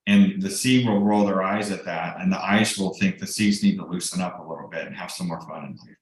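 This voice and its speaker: A man's voice: low voice, fairly quick. A middle-aged man, a real estate broker and coach, giving a casual, explanatory team training with frequent ums and restarts over a video call. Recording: very echoey room.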